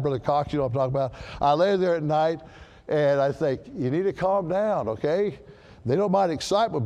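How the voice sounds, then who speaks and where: A man with a slightly high voice preaches a sermon to a church congregation in a large hall, emphatic and animated, repeating key words for stress.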